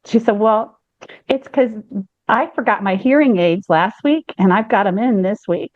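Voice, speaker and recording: A woman's voice: medium pitch, normal speed, dry recording. Woman podcast host, rambling joke-teller with lots of fillers; dull, dry audio. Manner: rambling storyteller with many fillers and restarts. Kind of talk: casual chat, telling a joke.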